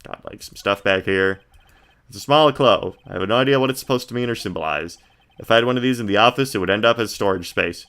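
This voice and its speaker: A man's voice: quick pace, fairly bright tone. Laid-back male streamer reading a game. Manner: laid-back, reads descriptions in a low murmur. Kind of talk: reading a game aloud casually.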